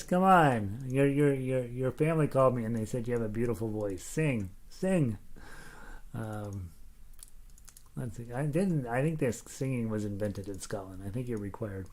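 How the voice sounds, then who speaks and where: Speaking in a mid-range, slightly mellow voice, this middle-aged man teaches ukulele live and chats casually with his class. He reads out viewer comments full of fillers and jokes, often laughing or slipping into snatches of song.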